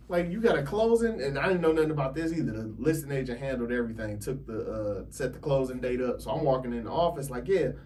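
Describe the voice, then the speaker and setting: Animated storytelling man. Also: medium pitch, fast, far from the mic, slight background noise. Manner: animated storyteller, laughs often, acts out others' lines. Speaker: podcast guest, realtor. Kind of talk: casual storytelling.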